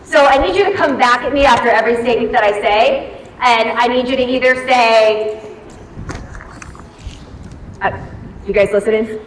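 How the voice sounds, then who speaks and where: A woman giving an animated storytelling speech to a live audience in a large hall, acting out her own reactions. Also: a little high, moderate pace, pauses often, slight background noise. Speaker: event speaker. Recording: echoey hall from far off, faint ambience.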